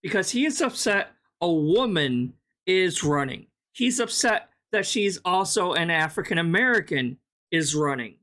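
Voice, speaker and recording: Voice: mid-range voice, animated, measured pace, a bit bright. A reaction-channel host giving casual, exasperated, sarcastic commentary with heavy swearing.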